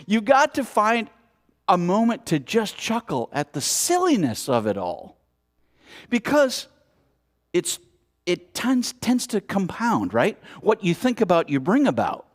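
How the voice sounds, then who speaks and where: A man's high voice moves at a measured pace as he tells a story in a sermon at a spiritual center, bringing scenes to life with animated exclamations.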